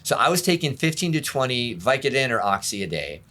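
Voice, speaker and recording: A man's voice: medium pitch, big pitch swings, a little fast, sharp tone. A middle-aged man, a pastor, candidly recounting his past in an interview, open and self-deprecating. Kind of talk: candid storytelling in a conversation.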